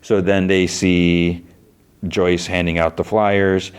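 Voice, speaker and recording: Podcast host, male, very low voice, loose rambling recap delivery. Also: flat delivery, takes it slowly, smooth. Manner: rambling, many fillers and restarts, acts out quotes. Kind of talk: casual recap.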